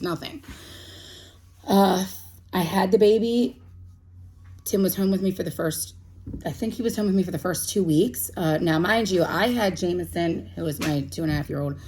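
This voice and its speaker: Woman, 30s, vlogger, candid and emotional, low voice, halting delivery. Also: a little hiss or hum, poor audio. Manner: halting, full of ums and restarts, emotional. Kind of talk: candid personal chat to camera.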